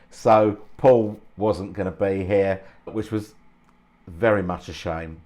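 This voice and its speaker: A man's voice: lowish voice, level tone, slow pace, a little mellow. Chatty, chuckling man. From England. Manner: chatty, chuckling, self-deprecating. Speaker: channel host. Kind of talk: casual anecdotal storytelling.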